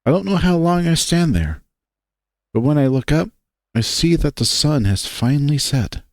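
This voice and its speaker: A man reading a visual novel aloud in first-person narration, unhurried and expressive. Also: on the high side, no room sound.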